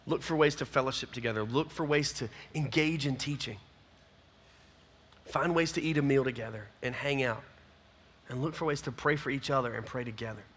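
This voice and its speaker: A man, a youth pastor giving a folksy, energetic closing talk to his youth group. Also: medium pitch, a little fast, husky.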